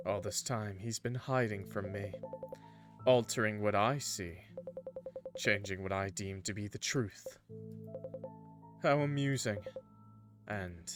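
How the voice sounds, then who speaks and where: A man voicing a slow sinister tempter. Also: fairly low pitch. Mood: amused menace. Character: sinister tempting male entity, slow and silky.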